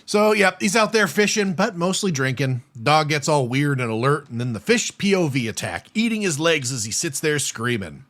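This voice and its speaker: Man, podcast co-host, somewhat high voice, animated, wry plot recaps. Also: normal speed, few pauses. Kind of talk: casual movie recap chat.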